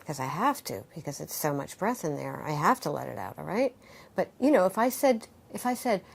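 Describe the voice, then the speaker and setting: A middle-aged woman, a yoga teacher and author, talks in an interview in a lively, expressive way, acting out quoted voices and guiding breathing exercises. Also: fairly low pitch, brisk, gravelly, breathy edge. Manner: animated, acts out quoted voices, guides breathing.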